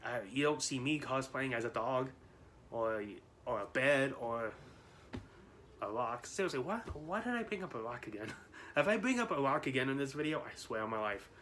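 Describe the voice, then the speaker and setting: A man talks straight to his viewers in a loose, rambling way, breaking into laughs and restarting his sentences. His voice sits at an ordinary middle pitch, with a faint hiss of noise under the recording. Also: expressive, moderate pace, a bit bright. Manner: rambling, laughs often, many restarts and fillers. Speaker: vlogger. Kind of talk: casual chat to camera.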